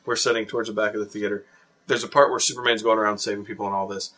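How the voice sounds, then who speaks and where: A man co-hosting a casual movie chat, animated and opinionated, telling stories with jokes. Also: fairly low pitch, rapid-fire. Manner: animated storyteller, jokey and opinionated. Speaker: podcast co-host.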